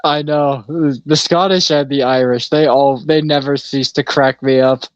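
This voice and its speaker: A man's voice: mid-range voice, fairly even intonation, normal speed, no room sound. A man co-hosting a casual podcast, telling stories loosely, swearing and laughing often. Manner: laid-back storyteller, swears freely, laughs often. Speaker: podcast co-host. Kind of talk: casual chat. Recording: slightly dull lo-fi sound.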